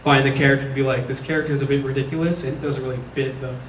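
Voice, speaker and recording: Fast-talking nervous fan in a hall. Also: male voice, medium pitch, little pitch movement, slight background noise. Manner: rapid, nervous, self-deprecating. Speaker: audience member asking a question. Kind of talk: convention Q&A. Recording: distant echoey hall audio.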